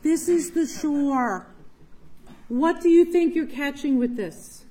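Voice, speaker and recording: An enthusiastic woman gives an inspirational church talk, telling stories with laughs along the way. Her voice is mellow and warm, and it is picked up from a distance in a roomy, echoey hall. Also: high voice, takes it slowly, a little hiss or hum. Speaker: parish ministry speaker.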